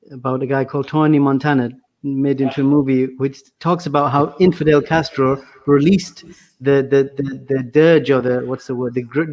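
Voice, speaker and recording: A man gives an answer in a podcast discussion, at an ordinary middle pitch. He often stops to search for the right word. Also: darkish tone. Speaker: guest speaker.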